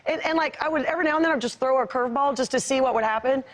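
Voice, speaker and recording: A woman's voice: high-pitched, very fast. A woman in her forties, a guest on a talk show, chatting in a bubbly, gushing way with frequent laughter. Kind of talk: casual chat. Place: TV studio with audience.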